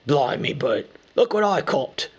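A man voicing a big, slow, suspicious male troll who talks in coarse slang. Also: on the high side, sing-song, slightly rough, exaggerated voice. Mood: gruff dim. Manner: coarse, slangy dialect talk.

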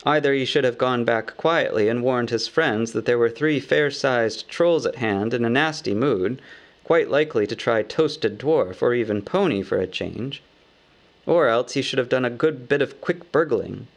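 A man narrating a storybook aloud in a measured, wry manner. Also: mid-range voice. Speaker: audiobook narrator.

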